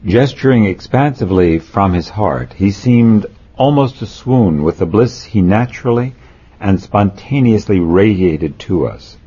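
A man slowly reading a spiritual memoir aloud, marking quotes as he goes. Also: fairly low pitch, expressive, mellow, slightly rough. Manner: slow, deliberate reading, says "quote" and "end quote". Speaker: narrator. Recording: dull lo-fi recording.

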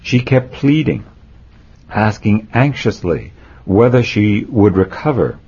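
A man slowly reading a spiritual memoir aloud, marking quotes as he goes. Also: on the low side, lively intonation, darkish tone, slightly rough. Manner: slow, deliberate reading, says "quote" and "end quote". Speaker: narrator. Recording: dull lo-fi recording.

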